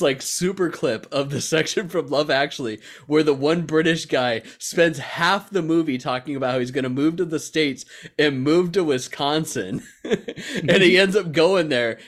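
A man's voice: a little high, normal speed. Rambling young man from Texas. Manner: rambling, many fillers and restarts. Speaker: podcast co-host. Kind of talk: casual chat.

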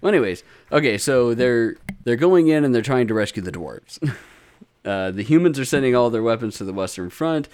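A tired man recapping a show with a friend in casual chat, laughing often, swearing freely and acting out characters in squeaky voices. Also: animated, brisk, a little mellow, clear, resonant tone. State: tired, drinking. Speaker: podcast co-host.

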